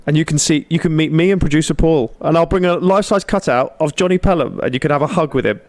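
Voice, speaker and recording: A man co-hosting a comedy podcast, teasing his partner in quick, casual banter from a room at home. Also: fairly high pitch. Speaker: podcast co-host. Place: home room with window open.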